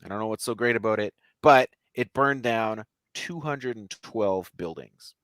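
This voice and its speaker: A man's voice: on the low side, moderate pace, fairly bright tone, no echo. A man hosting a podcast, telling a story in casual chat with joking, sarcastic asides. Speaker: podcast host.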